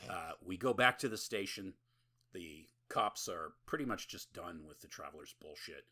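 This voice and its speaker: A man's voice: deep voice, expressive, normal speed, pushed and bright. A man co-hosting a podcast, recapping a horror movie in casual, rambling, profane chat and laughing often. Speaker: podcast co-host.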